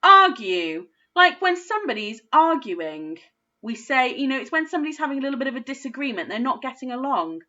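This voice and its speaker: A woman teaching a phonics lesson to young children, sounding out words slowly and praising often. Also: high-pitched, sing-song, bright, forceful tone, dull audio. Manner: slow, sing-song sounding out of words, encouraging. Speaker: primary school phonics teacher.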